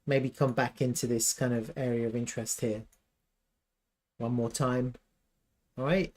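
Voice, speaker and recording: Brief: man, mid-pitched, casual live analyst, thinks aloud with fillers and restarts. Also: steady tone, a little slow, a little mellow. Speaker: crypto chart analyst.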